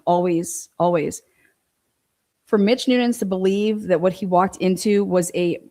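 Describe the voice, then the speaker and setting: On a casual livestream, a woman reads viewer comments and responds with blunt, profanity-heavy talk, sounding fired up. Her voice is fairly low with a darkish tone.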